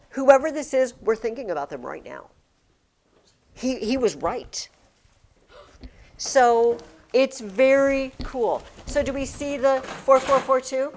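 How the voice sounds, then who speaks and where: A woman's voice: on the high side, a little hiss or hum. A woman teacher leading a classroom poetry lesson, reading verse aloud and chanting the rhythm of the lines.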